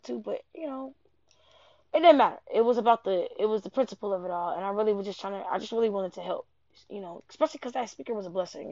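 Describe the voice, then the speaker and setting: A young woman telling a rambling, profane personal story in an animated way. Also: a little high, no echo. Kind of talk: casual personal anecdote. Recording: dull lo-fi dry recording.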